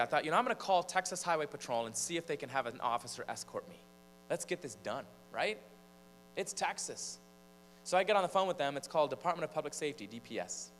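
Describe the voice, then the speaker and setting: A man from Michigan, a preacher and singer, animatedly telling a personal story from the pulpit in a large church. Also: medium pitch. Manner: animated storyteller, building suspense. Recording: long church reverb, faint mains hum.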